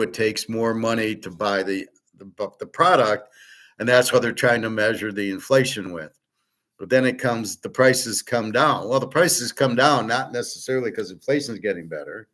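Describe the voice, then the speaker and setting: A man's voice: on the low side, fairly bright tone. A middle-aged man hosting his own show, ranting bluntly and scornfully in an opinionated monologue. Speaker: host.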